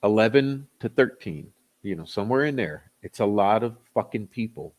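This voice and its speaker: A man's voice: fairly low pitch, animated, moderate pace, darkish tone. Sarcastic, profane man ranting. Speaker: commentary channel host. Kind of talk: ranting commentary.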